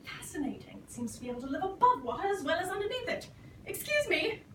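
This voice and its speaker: A woman performing on stage, voicing a pompous, excitable male colonist scientist. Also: very high voice, quick pace, background noise, voice pushed up, heavily acted. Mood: excited. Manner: excitable, fussy, shrieking. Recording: echoey stage from far off.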